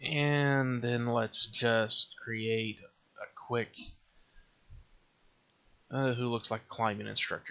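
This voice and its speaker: Slow, bright-voiced man thinking aloud. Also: mid-range voice, steady tone, vocal fry. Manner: thinking aloud, mumbling to himself while working. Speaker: game development tutorial host. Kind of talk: casual screen-recorded tutorial. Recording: slightly dull lo-fi recording.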